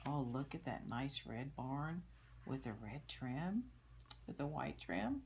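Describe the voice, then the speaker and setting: Slow low-voiced grandmother reading aloud. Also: expressive, background noise. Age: older. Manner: gentle, chatty, pointing out pictures, sometimes whispering. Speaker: children's book reader. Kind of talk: reading a picture book aloud to children.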